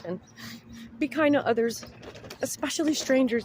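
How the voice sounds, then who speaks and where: A woman's voice: on the high side, moderate pace, long pauses, a little mellow, slight background noise. Tearful woman vlogging outdoors. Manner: rambling, heartfelt, repeats herself. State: tearful, close to crying. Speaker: spiritual vlogger. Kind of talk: emotional spiritual message to camera. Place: outdoors in bright sun.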